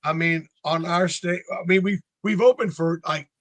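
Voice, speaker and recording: A man's voice: fairly high pitch, moderate pace, no room sound. A man in his sixties from North Carolina, a band member telling stories in a casual interview and acting out the voices of the people in them. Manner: animated storyteller who acts out voices.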